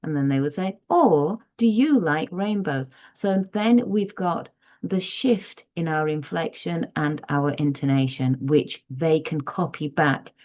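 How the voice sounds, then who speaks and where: Slow, low-voiced woman teacher. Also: dull audio. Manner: slow, careful and expressive, modeling read-aloud intonation. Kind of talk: instructional video lesson.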